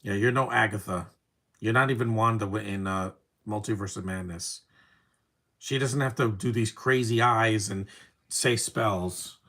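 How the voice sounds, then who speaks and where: A young man giving casual live commentary over a movie, wry and opinionated, often trailing off into quiet asides. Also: fairly low pitch, unhurried. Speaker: film commentary host.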